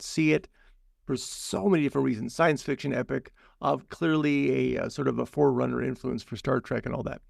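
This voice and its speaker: Gravelly-voiced man riffing on films. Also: medium pitch, no echo, studio quality. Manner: playful, riffing, emphatic repetition. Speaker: podcast co-host. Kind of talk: casual film chat.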